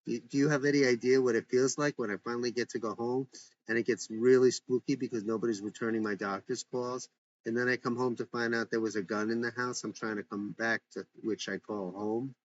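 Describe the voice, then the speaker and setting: A man's voice: medium pitch, fairly even intonation, fairly quick, lightly acted. A man reading the lines of a resentful teenage girl who feels ignored by her family, in a dull lo-fi recording. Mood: indignant. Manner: indignant, complaining.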